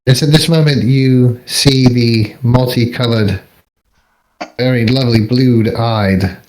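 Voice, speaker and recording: A man narrating as game master of a tabletop game, halting and searching for words. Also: mid-range voice, fairly even intonation, a little mellow, low-quality recording. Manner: halting, full of ums and restarts.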